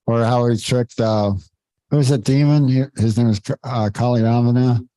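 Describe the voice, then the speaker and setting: A man leading a devotional scripture class, talking informally and haltingly, searching for words and chuckling between points. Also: medium pitch, fairly even intonation, warm tone, dry recording, poor audio.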